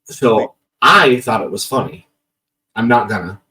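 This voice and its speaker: Low-voiced man, self-deprecating storyteller, slightly off-mic. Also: lively intonation, unhurried, sharp tone, distant mic, poor audio. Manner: jokey, self-deprecating, rambling with restarts. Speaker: podcast guest. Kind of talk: casual storytelling.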